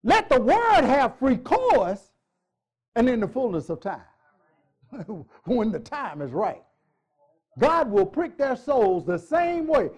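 Very high-pitched, lively male preacher. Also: slow. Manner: emphatic, repeats phrases, jokes with the congregation. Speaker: pastor. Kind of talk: sermon. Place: church.

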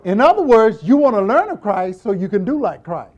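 A man's voice: sits high, a little fast. A middle-aged man, a church deacon, giving a humorous Bible teaching and acting out little scenes as he goes. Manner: animated, acts out scenes with quoted voices, jokes and laughs.

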